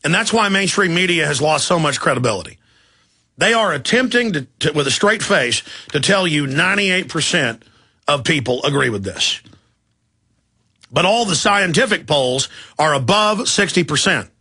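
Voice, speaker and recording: A man's voice: a little high, expressive, bright, forceful tone, husky. A man hosting a talk radio show, delivering an emphatic, indignant monologue. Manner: emphatic, rapid-fire, indignant.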